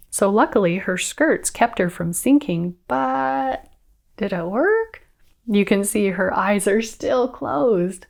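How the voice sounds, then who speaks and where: A woman teacher reading a picture book aloud to children, expressive and coaxing them to join in. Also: mid-range voice, slow, creaky.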